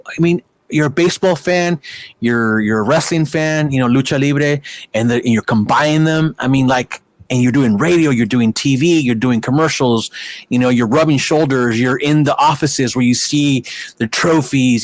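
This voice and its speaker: A middle-aged man, a guest in a casual interview, telling animated stories with plenty of fillers and acted-out quotes. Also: mid-range voice, no room sound. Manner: animated anecdotes with many fillers and quoted voices. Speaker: guest, wrestling promoter.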